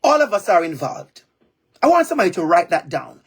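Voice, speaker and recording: This keynote speaker, a man with a Jamaican accent, addresses his audience by video call with real fervor, repeating lines for emphasis. He talks a little fast in a high, creaky, slightly rough voice that swings widely in pitch.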